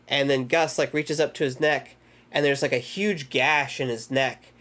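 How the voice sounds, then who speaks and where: A man with a medium-pitched voice at normal speed hosts a casual movie discussion. He energetically retells scenes in a rambling recap full of filler words.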